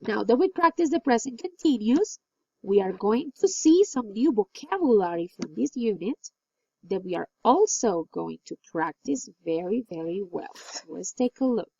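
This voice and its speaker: A woman teaching an English lesson, reading exercises slowly and clearly and praising answers. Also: medium pitch, animated, a little mellow, no echo. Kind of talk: recorded classroom lesson. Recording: dull, lo-fi dry recording.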